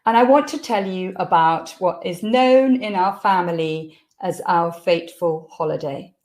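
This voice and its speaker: A woman's voice: fairly low pitch, measured pace. A middle-aged woman, a parenting coach telling a candid personal story to camera. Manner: candid storytelling that acts out quoted shouts.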